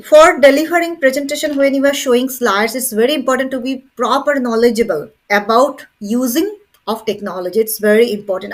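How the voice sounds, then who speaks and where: A woman teacher, lecturing a class and stressing each point with repeated "okay" and "very important". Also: a little high. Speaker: English teacher.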